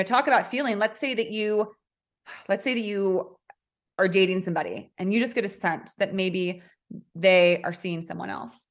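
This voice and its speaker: Chatty woman coaching listeners. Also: medium pitch. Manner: chatty, animated, asks listeners questions. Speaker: host. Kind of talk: casual spiritual coaching talk.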